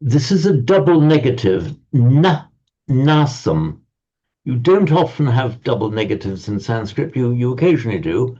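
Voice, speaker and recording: A man teaching a Sanskrit class over a video call, explaining slowly with frequent stammered restarts and reciting verses. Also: medium pitch, sing-song, warm tone, dull audio.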